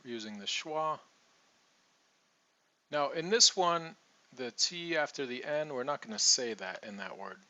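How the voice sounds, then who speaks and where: Male coach, bright tone, patient drill repetition, muffled recording. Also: medium pitch, animated. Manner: patient, repeats example sentences slowly. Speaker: accent coach. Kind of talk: relaxed teaching monologue.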